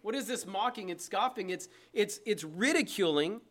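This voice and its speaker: A man's voice: sits high, lively intonation, moderate pace, a bit bright. A man preaching a sermon from the pulpit, emphatic and conversational, with asides to the congregation. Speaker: pastor. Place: church.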